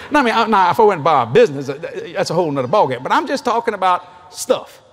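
At a large convention hall before a live audience, a middle-aged man preaches a sermon full of folksy stories, acting out the dialogue and laughing often. His voice is high-pitched and sing-song, a little fast, with a breathy edge.

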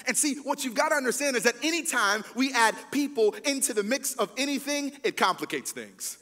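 A man's voice: extremely high pitch, fairly quick, few pauses. A man preaching a sermon as pastor, casual and emphatic, talking straight to the congregation. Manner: conversational preaching, lively and emphatic. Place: church hall. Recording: long hall reverb.

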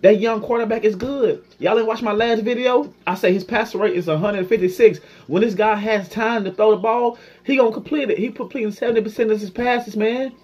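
Frustrated fan ranting, husky voice. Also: male voice, sits high, a little fast, hardly any pauses, lo-fi sound. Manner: frustrated, repetitive, animated. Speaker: sports fan vlogger.

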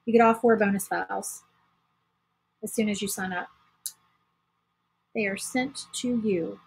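A woman's voice: mid-range voice, unhurried, poor audio. A woman hosting a casual crafting livestream, chatting to viewers while she paints. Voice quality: very husky.

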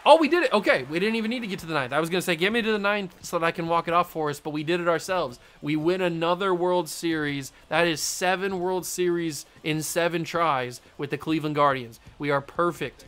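A young man giving casual commentary while playing a baseball video game, excitable and repeating himself as he swings between groaning and cheering. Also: fairly high pitch, a little fast, hardly any pauses, smooth. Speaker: gaming YouTuber. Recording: game music underneath.

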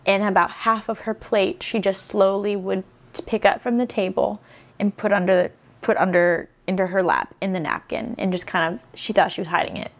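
A woman's voice: medium pitch, fairly even intonation, moderate pace. Emotional woman host telling a story. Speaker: podcast host. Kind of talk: conversational interview.

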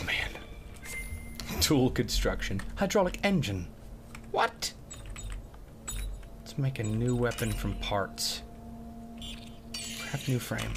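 A man giving jokey, excitable let's play commentary and talking back to the game as he plays. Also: medium pitch, vocal fry, noisy background. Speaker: gamer.

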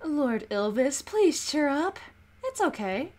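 Brief: gentle devoted girl, read by a woman, soft and earnest, high and lively. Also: takes it slowly, full character voice. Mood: soothing. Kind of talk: fan voice-over of game dialogue.

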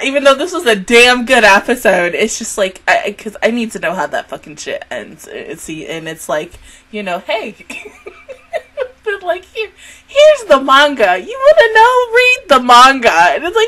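A woman hosting a casual anime reaction review. She is excitable, swears a lot, and breaks into laughter and outbursts. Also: on the high side, unhurried, poor audio.

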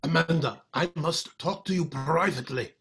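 An amorous French suitor with a gravelly, husky voice. He presses for a private word in an urgent, fawning way. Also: fairly high pitch, normal speed, fairly bright tone, heavily acted. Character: French male suitor, Monsieur Caron, amorous.

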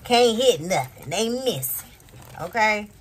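A woman's voice: medium pitch, big pitch swings, slow pace, slight background noise. A woman giving a casual tarot reading, rambling and asking "okay?" again and again. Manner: rambling, repeats "okay?" often. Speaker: tarot reader.

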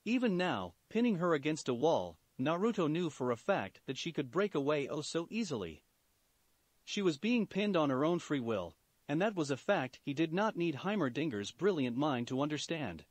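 A man reading a fan story aloud with animated, lively swings in pitch. His voice sits a little high for a man, and it is dry and close to the mic. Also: normal speed, no echo. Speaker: story reader.

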